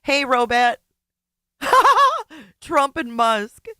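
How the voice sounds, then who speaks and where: A woman's voice: mid-range voice, lively intonation, measured pace, a bit bright, no echo. Foul-mouthed woman host, dry sound. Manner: heavy swearing, angry, blunt. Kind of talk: reaction commentary.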